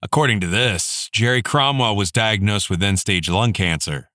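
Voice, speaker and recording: A man's voice: lowish voice, normal speed, pushed and bright, no room sound, studio quality, voice pushed up. A man voicing a male bodyguard who explains things in a matter-of-fact way.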